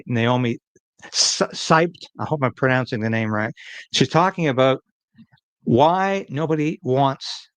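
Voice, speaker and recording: A man's voice: medium pitch, dry recording. A man hosting a political commentary show, speaking emphatically and conversationally. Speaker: host.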